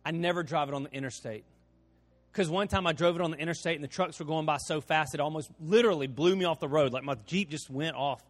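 A middle-aged pastor delivers a sermon in a fairly high voice. He talks in plain words, stumbling and restarting as he tells a story, then softens into slow, quiet appeals. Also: faint music behind.

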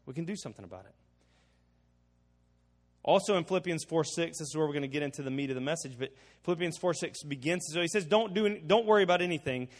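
Man, pastor, high voice, conversational sermon, emphatic repeats, long hall reverb. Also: very fast, hardly any pauses. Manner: conversational preaching with personal stories, emphatic repetition.

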